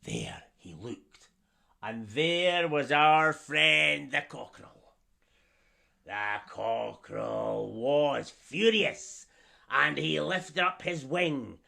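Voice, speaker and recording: Bright, lively storyteller man. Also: mid-range voice, extremely slow, gravelly. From Scotland. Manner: theatrical, asks the young audience to join in. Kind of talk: children's storytelling.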